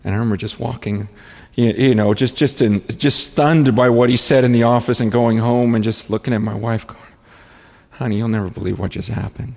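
A man preaching as a pastor, telling stories in an animated way with frequent restarts and stammers. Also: medium pitch, brisk, big-room sound. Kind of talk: storytelling sermon.

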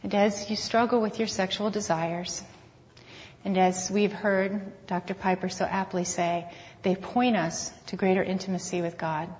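A woman giving a Christian talk, reading scripture and reflecting on it in an earnest, measured way. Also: mid-range voice, fairly even intonation, darkish tone. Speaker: conference speaker. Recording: long hall reverb, dull lo-fi sound.

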